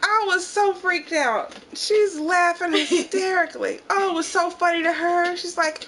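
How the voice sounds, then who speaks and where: A middle-aged woman hosting a home channel, telling family stories in casual chat and acting out the quotes loudly. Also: very high voice, a little slow, few pauses, background noise. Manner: animated storyteller, acts out quotes loudly. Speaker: channel host.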